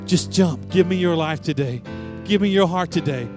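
God urges a listener to trust and leap, as a preacher voices him. The voice is a little higher and fuller than his usual speech, over faint music. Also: normal speed, lightly acted. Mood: inviting. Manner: urging, reassuring. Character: God, gentle and inviting.

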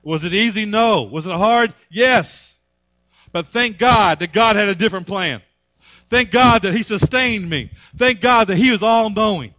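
A male pastor delivers a sermon, driving home his points through emphatic repetition. His voice sits high and comes out forceful and bright. The recording is dry and close. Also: a little slow, dry recording.

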